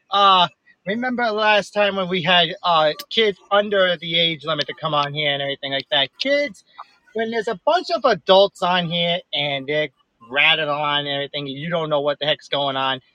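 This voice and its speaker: Rhode Island-accented man, brash and boastful caller, high bright voice. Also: animated, moderate pace, lo-fi sound, a little hiss or hum. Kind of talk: casual chat.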